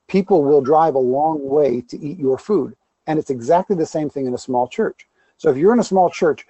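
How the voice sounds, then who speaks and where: A man's voice: fairly high pitch, warm tone, husky, no room sound, dull audio. A man, a pastor guest in an interview, talking candidly and with self-deprecating humor, telling stories with quoted asides. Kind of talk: conversational interview.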